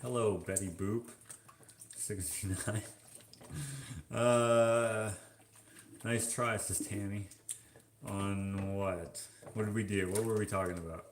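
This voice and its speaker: Slow, easygoing man in an echoey kitchen. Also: fairly low pitch, steady tone, a little hiss or hum. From Canada. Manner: slow, offhand, musing and joking. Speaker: vlogger. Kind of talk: casual livestream chat, reading comments. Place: kitchen, washing dishes.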